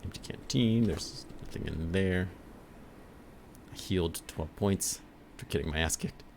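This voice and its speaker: Man, streamer, low voice, gravelly, joking commentary, reads game text aloud. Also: a little slow, slight background noise. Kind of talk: let's play commentary.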